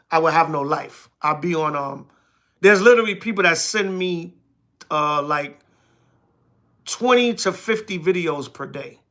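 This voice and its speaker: An elder teaches scripture on a livestream in a high, bright voice, mixing sermon with casual replies to his chat. He reads the verses slowly, then answers commenters in blunt, repetitive bursts.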